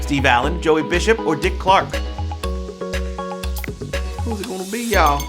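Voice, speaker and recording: A man's voice: a little high, expressive, measured pace, pauses often, over music. A man hosting a live trivia show, reading questions with playful rhyming quips and jokes. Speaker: trivia game show host.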